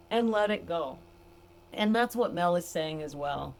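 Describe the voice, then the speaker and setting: A woman's voice: mid-range voice, lively intonation, normal speed. Older woman, podcast sobriety coach, casual and talkative, laughs easily. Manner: warm, chatty, laughs easily, addresses listeners as gals. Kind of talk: casual podcast monologue reading from a book.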